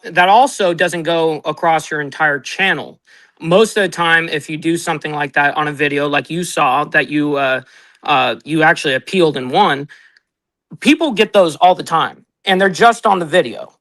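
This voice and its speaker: A man visiting a stream as a guest, calmly explaining in a measured way. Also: on the high side, rough recording. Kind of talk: explanatory casual chat.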